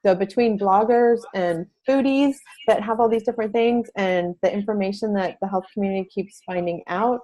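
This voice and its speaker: A woman's voice: mid-range voice, normal speed, few pauses, dark tone, poor audio. A middle-aged woman, a parent advocate, talking earnestly as an interview guest, with frequent restarts. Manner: earnest, talkative with many restarts. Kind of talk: interview talk.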